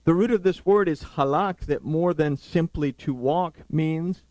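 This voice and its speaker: A man delivers a Sabbath sermon with a somewhat high-pitched voice. He teaches earnestly, leaning on key words and hurrying through asides. The sound is dry, with no room echo. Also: unhurried, darkish tone. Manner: earnest, emphatic, quoting scripture and explaining Hebrew words.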